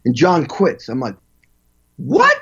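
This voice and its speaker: A man in an interview telling animated stories as a session drummer, acting out quotes and vocalizing drum parts. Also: fairly high pitch, moderate pace, muffled recording. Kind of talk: storytelling interview.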